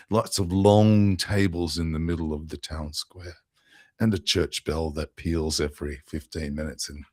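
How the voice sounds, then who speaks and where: A man's voice: deep voice, darkish tone, breathy edge, dry recording. A man, a podcast guest telling a heartfelt story, with restarts and fillers, into a close mic. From Australia.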